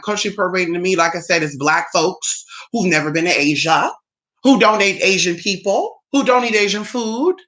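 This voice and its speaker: A speaker with an American accent gives a casual, blunt opinion monologue as a spiritual YouTuber, swearing freely and mocking others with sudden jumps in pitch. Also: bright, forceful tone.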